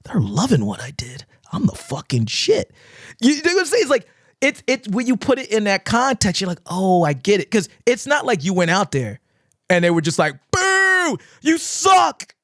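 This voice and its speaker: A man's voice: sits high, fairly quick, no echo, studio quality. A man who teaches dance, talking casually on a podcast, acting out crowds and swearing freely as he tells stories. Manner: animated storytelling, acting out crowds and shouts, swears often.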